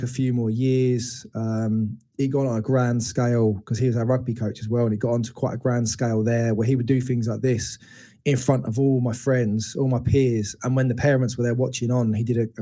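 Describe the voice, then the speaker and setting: Man in his forties, mid-pitched and warm, candid guest opening up about hard memories with halting restarts. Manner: open, searching, halting retelling of painful memories. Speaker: interview guest. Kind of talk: candid personal storytelling.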